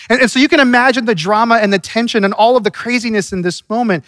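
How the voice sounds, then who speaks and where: A man's voice: extremely high pitch, fast, few pauses, a bit bright, dry recording, studio quality. A man preaching a sermon in an earnest, conversational way, often restarting his sentences. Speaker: pastor.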